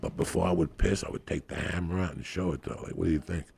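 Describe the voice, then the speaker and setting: A man telling crude, profane comic stories on a podcast in a rambling, raucous way, with a gravelly, raspy voice. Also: low-pitched, fast talker, a little mellow. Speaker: podcast guest.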